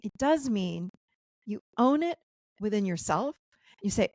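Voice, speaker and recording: A woman coach talks on a video call in a lively, chatty way, laughing and acting out what her clients said. Her mid-range voice has a gravelly, fried edge. The sound is dry and close, with no room around it. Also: medium pitch, a little slow, long pauses, no echo. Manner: animated, laughing, acts out client quotes. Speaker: guest coach and author. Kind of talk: casual interview chat.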